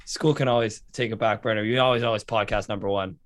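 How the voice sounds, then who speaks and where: A man's voice: on the low side, fairly even intonation, quick pace, no echo, clean studio sound. A man co-hosting a casual sports podcast, laid-back and supportive, often chiming in with short agreements. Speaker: podcast co-host.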